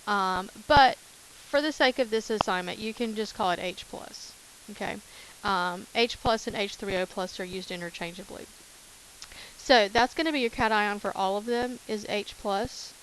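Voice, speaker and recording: A woman's voice: medium pitch, normal speed, a bit bright, slight background noise, rough recording. A woman teacher talking through chemistry notes in a casual way, repeating key terms with many fillers. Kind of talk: recorded lecture over notes.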